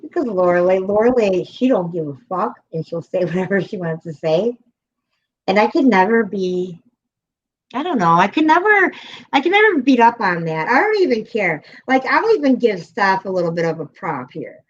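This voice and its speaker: A woman's voice: mid-range voice, big pitch swings, normal speed. A woman hosting a live stream, chatting casually, rambling and swearing, with frequent laughter. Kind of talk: casual chat. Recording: muffled lo-fi audio.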